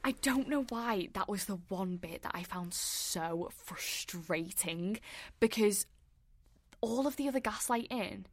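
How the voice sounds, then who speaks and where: A woman's voice: mid-range voice, expressive, a little slow, no echo. A woman co-hosting a podcast in casual chat, reacting animatedly to a film and acting out its lines, with many "like"s. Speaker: podcast co-host.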